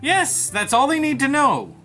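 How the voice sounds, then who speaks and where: A man plays an exasperated straight man in a comedy sketch. His bright voice moves about in pitch, and he stays curt and deadpan. Faint music sits behind him. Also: unhurried, heavily acted. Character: exasperated, impatient man on a pirate broadcast.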